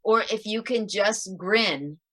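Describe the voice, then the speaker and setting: A middle-aged woman on a video call, giving parenting advice in a lively interview and acting out her tips with sighs. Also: mid-range voice, slow. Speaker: parenting author guest. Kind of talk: animated interview talk.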